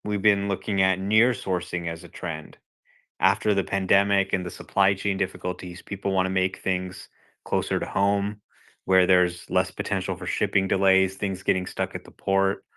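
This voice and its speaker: Low smooth guy on a podcast, chatty, gets worked up acting stuff out. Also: normal speed. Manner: conversational, animated when acting out scenarios. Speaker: guest analyst. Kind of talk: casual podcast discussion.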